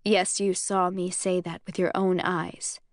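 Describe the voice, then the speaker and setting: A woman reading a calm, teasing young commander. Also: on the low side, unhurried, no room sound, studio quality. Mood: amused. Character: young man, cool, teasing, self-assured military commander.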